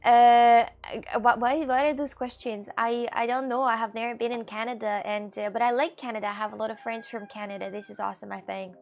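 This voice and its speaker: A woman livestreamer chatting casually with her viewers and answering their questions, halting, with many fillers and restarts, and swearing casually. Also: a little high, steady tone, gravelly. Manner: answers chat questions aloud. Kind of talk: casual stream chat.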